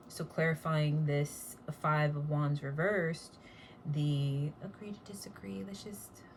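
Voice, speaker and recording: A woman with a low-pitched voice talks through a tarot reading in a casual, blunt, chatty way. A faint background noise sits under the recording. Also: darkish tone. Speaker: tarot reader.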